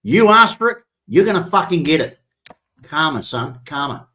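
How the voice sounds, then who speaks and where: A man's voice: a little high, expressive, normal speed, bright, forceful tone. A man hosting a live stream, ranting in a threatening, profane and emphatic way.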